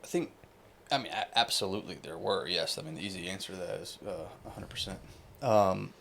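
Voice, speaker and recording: A man with a low, gravelly voice chats on a podcast. He rambles and circles back with fillers and false starts, and a faint hum of room noise sits under him. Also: brisk, a bit bright. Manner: rambling, many restarts and fillers, laughs easily. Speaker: podcast guest. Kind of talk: casual conversation.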